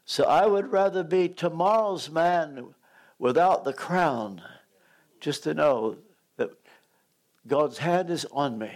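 Slow, higher-voiced older preacher. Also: male voice, expressive. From United States. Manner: storytelling, acts out voices, loses his place and jokes. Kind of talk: sermon.

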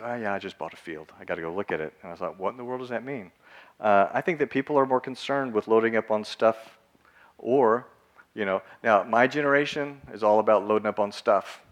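A man preaching a casual, conversational sermon, full of slang and acted-out quotes. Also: fairly low pitch. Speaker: pastor.

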